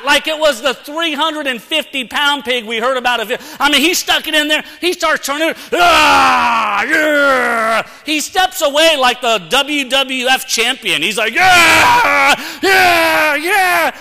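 A man's voice: very high voice, moderate pace, few pauses. A man preaching and telling a story with lots of energy, acting out sounds and bits of dialogue in a church. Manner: animated, acts out sounds and dialogue. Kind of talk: storytelling sermon. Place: church sanctuary. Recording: long church-hall reverb.

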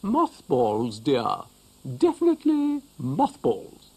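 Man doing a high-pitched, gentle cartoon snail, soothing and sing-song. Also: wildly swooping pitch, slow pace, breathy edge, heavily acted. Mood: kindly soothing. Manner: gentle and soothing, calls others dear.

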